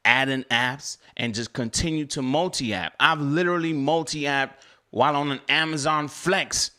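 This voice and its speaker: A young man telling his story casually on a live stream. His voice is bright and pitched a little high. He talks with animated energy and gets louder and higher when he is heated. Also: a little slow. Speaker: delivery driver guest.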